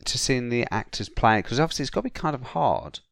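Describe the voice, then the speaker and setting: A man's voice: mid-range voice, very animated, fast, gravelly, fairly bright tone, dry recording, studio quality. A man in his thirties with a South London accent, chatting casually as a podcast co-host and filling gaps with "yeah". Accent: South London English. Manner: chatty, repeats "yeah" a lot, drops into silly put-on voices. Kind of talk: casual chat.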